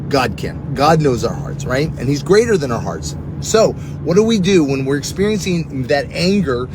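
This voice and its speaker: Middle-aged guy, kinda high voice, earnest chatty preaching, steady rumble behind him. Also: moderate pace. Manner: earnest, conversational preaching with personal stories. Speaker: prayer teacher. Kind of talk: teaching on prayer. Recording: steady rumbling background noise.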